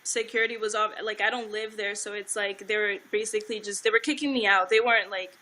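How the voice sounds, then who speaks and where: Chatty young woman, bright voice. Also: mid-range voice, fairly even intonation, fast talker, low-quality recording. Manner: rambling, heavy filler "like", swears freely. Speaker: guest telling her side. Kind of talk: casual livestream storytelling.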